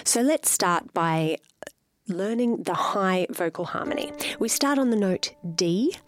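A woman's voice: medium pitch, expressive, unhurried. A woman hosting a chat and then patiently teaching vocal harmonies, counting the singers in. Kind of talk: casual chat and singing lesson.

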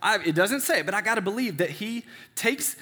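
Bright-voiced male preacher. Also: high voice, animated, a little fast. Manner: conversational, often checks in with "right?". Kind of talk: sermon. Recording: echoey hall with long reverb.

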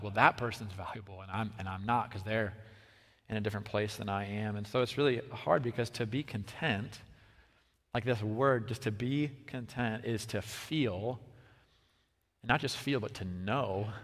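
Bright-voiced man preaching in a reverberant hall. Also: fairly high pitch. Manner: chatty, many fillers, swings between soft and lively. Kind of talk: casual conversational sermon. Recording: long reverb of a large hall.

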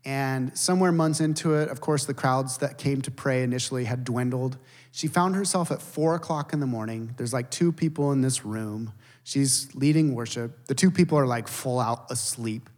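A man preaching a sermon as a pastor, telling stories with animated emphasis and dropping to hushed, intense moments. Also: mid-range voice, normal speed. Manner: animated storytelling, shifts between loud emphasis and hushed intensity. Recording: long reverb of a large hall.

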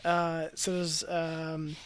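A man co-hosting a podcast, chatting casually about a video game, animated and often laughing. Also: fairly high pitch, extremely slow, clear, resonant tone. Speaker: podcast co-host.

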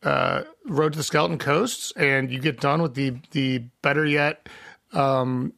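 A man's voice: medium pitch, a little slow, gravelly, fairly bright tone. A man hosting a casual comedic chat, rambling and joking, laughing at his own bits. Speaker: podcast host.

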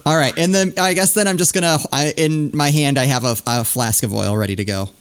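Eager, somewhat high-voiced player man. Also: a little fast, smooth. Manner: eager, hesitant with fillers. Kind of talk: casual tabletop game chat.

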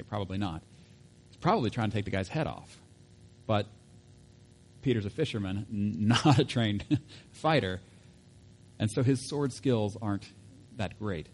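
A man's voice: lowish voice, breathy edge. A man preaching a sermon in a casual, conversational way, with asides and self-corrections. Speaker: pastor.

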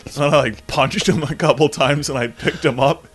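A man's voice: fairly high pitch, moderate pace, faint music behind. A young man casually telling stories, acting out the voices of the people in them. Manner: animated, acts out voices of people in his stories. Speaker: storyteller. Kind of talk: casual storytelling chat.

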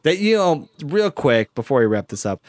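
A man's voice: fairly high pitch, moderate pace, no echo. Chatty laughing male podcast host. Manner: animated, laughs often, many fillers and restarts. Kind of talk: casual chat.

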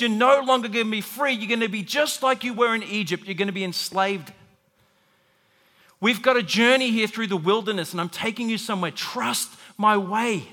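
High, bright-voiced man preaching in a hall. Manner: animated, acts out voices in quotes. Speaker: pastor. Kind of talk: sermon. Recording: long hall reverb.

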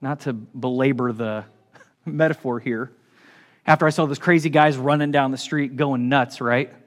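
A man preaching a sermon as pastor, animated and swinging from hushed lines to shouts. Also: mid-range voice, moderate pace.

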